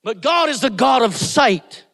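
A man preaching with a very high, lively voice that leaps from hushed asides to shouted peaks. His words ring out into the long reverb of a big church hall. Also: a little slow, creaky. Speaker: guest pastor. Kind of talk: sermon.

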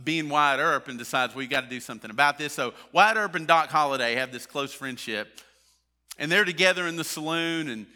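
A man's voice: medium pitch, bright, forceful tone. A man preaching a sermon in a conversational way, with many fillers and restarts. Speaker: pastor.

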